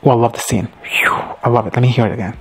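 Gravelly-voiced man gushing in a recap. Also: medium pitch, rapid-fire, over loud music, poor audio. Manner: gushing, excitable, swears freely, acts out quotes. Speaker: reaction video host. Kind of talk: casual reaction recap.

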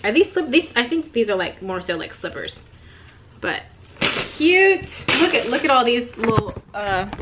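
A young woman, excitedly chatting while opening gifts for her baby daughter. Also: fairly high pitch. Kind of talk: casual unboxing chat. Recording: noisy home recording.

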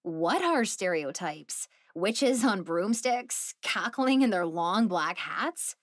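A woman's voice: mid-range voice, lively intonation, takes it slowly, no echo, studio quality. A woman voicing a dazed young woman in her twenties, incredulous and full of questions.

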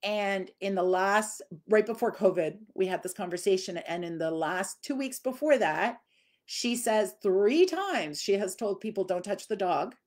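A woman's voice: mid-range voice, animated, unhurried, darkish tone. A woman dog trainer, answering viewer questions in a casual live lesson and often acting out what people say. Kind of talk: live Q&A teaching.

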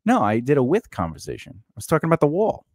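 A man's voice: fairly high pitch, fast, no echo, studio quality. A man co-hosting a casual talk show, giving career advice and acting out quoted lines in different voices. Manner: animated, acts out quoted lines in changed voices. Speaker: podcast co-host.

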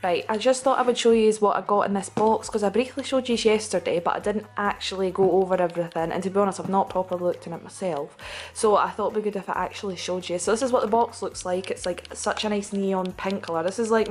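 A young woman chatting excitedly to camera in a hotel room as a fashion vlogger, rushed and chatty. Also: mid-range voice. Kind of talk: casual vlog chat.

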